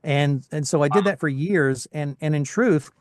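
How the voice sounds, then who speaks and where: A middle-aged voice actor from Tennessee with a faint Southern accent, chatting casually in an interview with lots of restarts. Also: male voice, on the high side, normal speed, dry recording, clean studio sound. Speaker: voice actor, guest.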